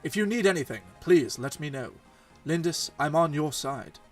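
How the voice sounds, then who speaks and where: A man's voice: fairly high pitch, expressive, normal speed, faint music behind. A man voicing a polite, earnest young noble lord in a mock British accent, reading game dialogue.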